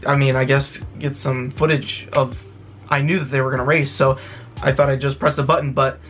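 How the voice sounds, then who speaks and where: A man vlogging to his viewers, retelling a tense story in an excited, rushed way with lots of fillers and restarts. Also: mid-range voice, soft background music. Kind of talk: casual storytelling to camera.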